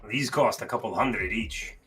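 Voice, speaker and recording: A man voicing a gruff, suspicious male dwarf adventurer who talks bluntly. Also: lowish voice, normal speed, a bit bright, soft background music, lightly acted. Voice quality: gruff, blunt, calls people lad.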